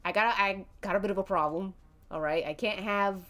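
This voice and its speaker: A woman's voice: mid-range voice, fairly quick, pushed and bright, natural voice. A woman voicing a brash, bossy, fidgety brute of a man who is foul-mouthed and demanding. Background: faint background music.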